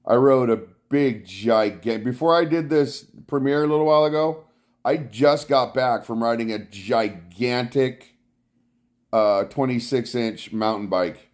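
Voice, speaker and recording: A man's voice: medium pitch, measured pace. A man hosting a casual live stream from his couch at home, greeting viewers by name and rambling about his rides. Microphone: clip-on mic worn from bike riding.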